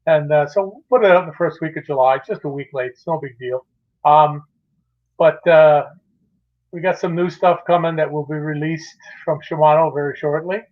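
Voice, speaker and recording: Man, fairly high voice, animated storyteller who restarts his sentences a lot; muffled lo-fi stream sound. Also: moderate pace. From Canada. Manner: animated anecdote teller, many restarts. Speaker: guest, magazine publisher. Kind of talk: casual storytelling on a live show.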